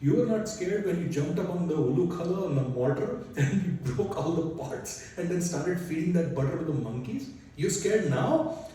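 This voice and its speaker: Mother Yashoda is an exasperated mother scolding her naughty son in a shrill, high voice, as a male preacher plays her. The voice keeps a mellow, soft-edged tone. It rings out in a reverberant hall, recorded from a distance. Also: animated, normal speed, natural voice. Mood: indignant scolding. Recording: echoey hall from far off.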